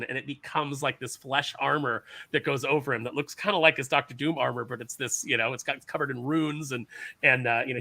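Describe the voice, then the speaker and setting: A man talking comics on a casual panel show, eager and rambling, full of "um" and "you know". His voice is bright and forward. The sound is dry and close. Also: mid-range voice, no echo. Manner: enthusiastic, rambling with many fillers. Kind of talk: casual chat.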